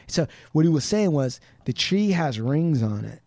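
A man's voice: on the high side, big pitch swings, measured pace, few pauses, warm tone, no room sound. A man from the Pacific Northwest US, a podcast guest rambling in casual chat with lots of "like" and swearing. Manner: rambling, profane, full of "like".

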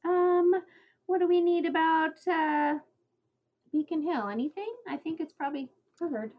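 A woman's voice: very high-pitched, steady tone, moderate pace, dull audio. A woman co-hosting a podcast, chatty and laughing easily. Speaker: podcast co-host. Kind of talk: casual chat.

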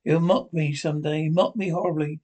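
A man reading aloud, voicing a young, vain gentleman who speaks in a plaintive, pleading way. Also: on the high side, fairly even intonation, moderate pace, natural voice. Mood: anguished.

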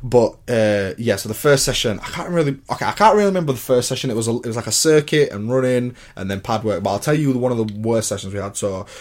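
Fast-talking young man. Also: mid-range voice, lively intonation. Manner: rambling storyteller, slangy, frequent restarts. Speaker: podcast co-host. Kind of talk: casual chat.

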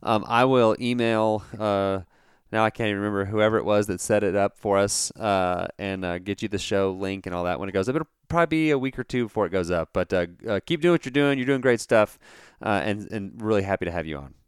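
A male podcast host with a very smooth, resonant, lowish voice. He talks in an upbeat, loose way, often cutting in. The sound is close and dry. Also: a little fast, no room sound. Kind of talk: casual interview talk.

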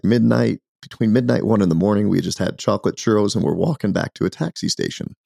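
Deep gravelly man telling a story. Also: no echo, studio quality. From United States. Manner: emphatic, animated storyteller. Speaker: podcast guest. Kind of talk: casual storytelling.

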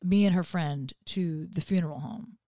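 A woman's voice: lowish voice, normal speed, no room sound, studio quality. A woman comedian telling stories in a casual podcast chat, acting out the people she quotes. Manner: animated storytelling, acts out quotes. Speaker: comedian guest.

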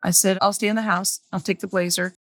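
A woman's voice: medium pitch, little pitch movement, fast, a bit bright, slightly rough, dry recording, clean studio sound. A woman guest on a podcast, candidly telling her own story in plain words and repeating phrases for emphasis. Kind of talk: personal storytelling interview.

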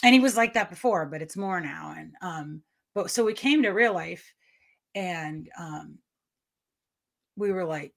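A middle-aged woman, an author guest in an interview, telling her story in an excitable, rambling way with frequent laughter. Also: fairly low pitch, a little slow, vocal fry, pauses often. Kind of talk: conversational interview.

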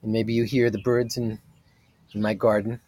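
A man leading a guided meditation as its teacher, talking softly and drawing out each phrase. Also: fairly low pitch, flat delivery, dry recording. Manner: slow, soft-spoken, drawn-out phrasing.

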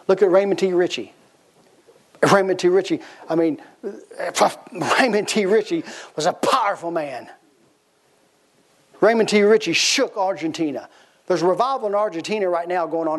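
A man preaching a sermon, telling stories with animated energy, repeating his phrases and laughing as he goes. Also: high-pitched. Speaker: pastor.

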